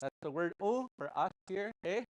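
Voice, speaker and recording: A man's voice: high-pitched, lively intonation, normal speed, no echo. A man teaching a casual language class, patiently repeating words and chuckling often.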